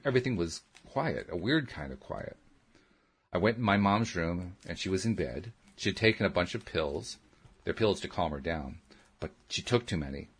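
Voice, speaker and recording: Radio host guy reading a book out loud, deep and kinda raspy, steady earnest tone. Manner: steady, earnest storytelling in the first person. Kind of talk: reading a memoir aloud.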